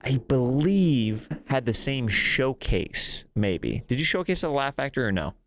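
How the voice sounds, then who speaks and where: A man's voice: big pitch swings, unhurried, fairly bright tone, slight background noise. A man hosting a casual chat, telling stories and acting out the quotes. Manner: storytelling, acts out quotes in a high voice.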